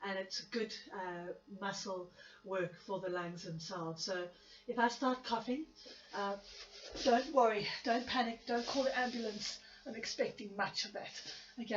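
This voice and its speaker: Woman gently cueing a Pilates class, coughing. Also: fairly high pitch, roomy sound, dull audio, a little hiss or hum. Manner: gentle step-by-step cues with self-mocking laughs. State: recovering from illness, coughing at times. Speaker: Pilates instructor. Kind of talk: guided exercise class cueing.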